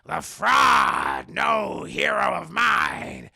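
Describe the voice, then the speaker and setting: Guy doing a growly goblin villain, slow, shouty, gravelly. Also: sits high, huge pitch swings, dry recording, clean studio sound, full character voice. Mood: menacing. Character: snarling male goblin villain, gleeful and menacing.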